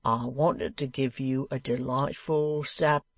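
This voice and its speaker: A man's voice: medium pitch, steady tone, measured pace, no room sound, lightly acted. A man voicing a scheming, grandiloquent ballad-seller in an audiobook, theatrical and oily in his affability. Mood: pompous. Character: scheming, wheedling one-legged male ballad-seller. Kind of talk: audiobook character voice.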